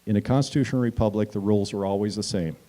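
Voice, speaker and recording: A man's voice: lowish voice, fairly even intonation, rapid-fire, mellow. A man giving a political speech at a town hall meeting, telling history as a story and building to emphatic declarations.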